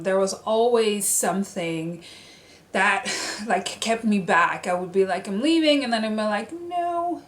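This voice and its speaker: A young woman vlogger telling a personal story in a chatty, animated way, with many fillers. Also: on the low side. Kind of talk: casual storytelling. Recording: roomy echo.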